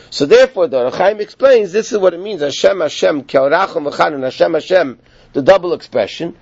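A man teaching a Torah class, telling stories with animated emphasis and peppering his talk with Hebrew learning terms. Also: high-pitched, no echo, dull audio. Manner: animated storytelling, rising with emphasis, Yiddish-inflected learning terms. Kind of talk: Torah lecture.

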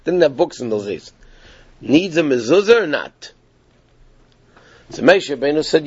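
A man teaching a Torah class, telling the story in a lively, animated way, with frequent restarts. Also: fairly high pitch, normal speed, long pauses, husky, no echo, highs cut off.

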